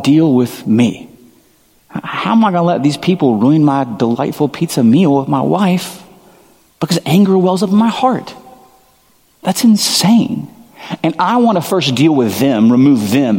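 Middle-aged man, pastor, chatty self-deprecating sermon, a bit high-pitched, big hall echo. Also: moderate pace, a little mellow. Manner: conversational, self-deprecating storytelling.

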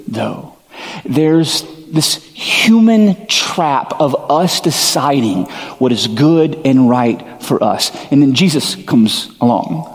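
A man's voice: mid-range voice, long reverb tail. A male pastor preaching a sermon in a casual, earnest way, full of "like" fillers. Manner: conversational, filler-heavy, earnest.

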